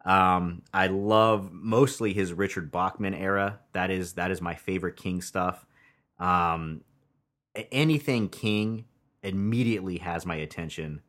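A man co-hosting a casual podcast, chatty and profane, pausing with many ums as he talks. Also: low-pitched, fairly bright tone. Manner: laughs often, profane, chatty with hesitations. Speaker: podcast co-host. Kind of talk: casual movie review chat.

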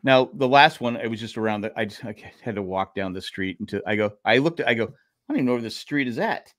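A man's voice: medium pitch, fast talker. An older man, a podcast co-host, telling rambling stories in casual chat, swearing and putting on voices for the people in them. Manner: rambling storyteller who swears and acts out neighbors' voices.

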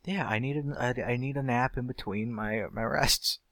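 A man's voice: mid-range voice, normal speed, a bit bright, dry recording. A man in casual chat, easygoing and teasing, laughing often.

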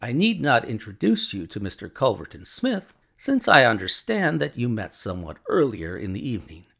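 A man voicing Sherlock Holmes, a brisk, ironic, triumphant detective, in a crisp, amused manner. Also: mid-range voice, wildly swooping pitch, a bit bright, full character voice.

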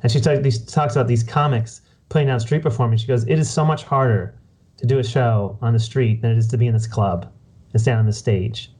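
A man hosting a casual interview, talking in a relaxed, reflective way. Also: medium pitch, brisk, husky. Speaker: podcast host.

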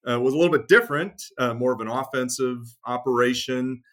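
Man explaining history in relaxed talk. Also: medium pitch, brisk. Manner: many fillers and restarts, storytelling with acted quotes. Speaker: author and military historian guest. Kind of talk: conversational interview.

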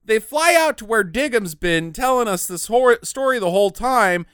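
His voice is high-pitched, expressive, and fairly bright, moving at a moderate pace with a smooth quality. As a podcast co-host, he rants and mocks his way through a swear-filled movie recap, playing characters in silly voices, recorded in a clean studio with no echo.

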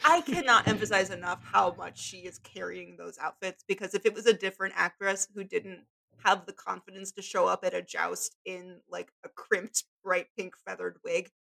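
Gravelly-voiced woman, wry podcast guest. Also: mid-range voice, steady tone, moderate pace, bright, forceful tone. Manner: wry, laughs often. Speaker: guest author. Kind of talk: casual film discussion.

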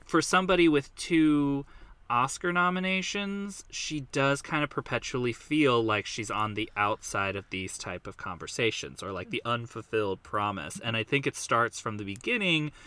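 A man's voice: mid-range voice, bright, forceful tone, clean tone, dry recording. A man co-hosting a film podcast, chatting casually with wry quips. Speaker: podcast co-host. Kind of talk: casual chat.

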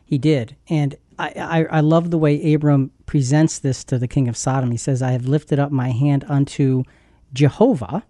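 A man's voice: medium pitch, steady tone, moderate pace, mellow, no echo, clean studio sound. A man teaching about a Bible passage in an emphatic way, repeating words as he builds his point. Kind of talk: Christian teaching podcast.

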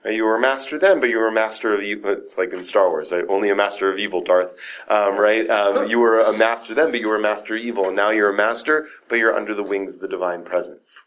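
A man teaches a Talmud story in an informal class, speaking casually with lots of fillers and "right?" checks while lively acting out the quoted speakers. His voice is on the low side and fast, with slight background noise.

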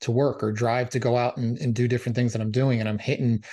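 A man's voice: medium pitch, level tone, fast talker, dark tone. Male podcast host, mid-range voice, enthusiastic and chatty. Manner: enthusiastic, grateful, conversational. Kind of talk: casual podcast conversation.

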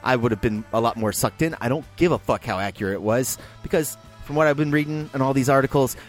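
A man co-hosting a film podcast, giving a blunt, heavily profane review in casual chat, his voice jumping high when he gets worked up. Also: quick pace, soft background music.

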